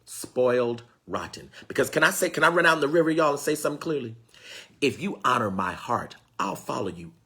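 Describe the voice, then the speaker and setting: A man preaching with fervor, his husky voice swinging widely in pitch and carrying a bright, forceful edge. He calls out to his listeners, repeats phrases for emphasis and pleads to God between points. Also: expressive, a little fast. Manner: preacherly call-and-response, exclaiming and pleading to God. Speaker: spiritual teacher. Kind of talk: fervent sermon-style teaching.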